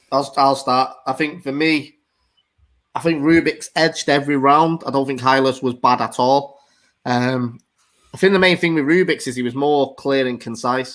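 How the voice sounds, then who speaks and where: A man's voice: medium pitch, a bit bright. A man hosting a rap battle judging panel, casual and hesitant with lots of ums.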